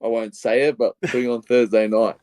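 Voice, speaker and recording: A young Australian man with an Australian accent, co-hosting a casual football podcast and telling a long, excitable story full of re-enacted quotes. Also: mid-range voice, normal speed, no echo. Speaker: podcast co-host. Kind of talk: casual footy podcast chat.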